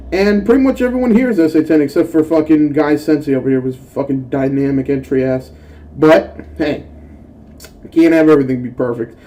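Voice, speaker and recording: A young adult man hosting a mobile game channel, telling profane, animated stories in casual gaming commentary. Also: a little high. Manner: profane, animated storytelling rant.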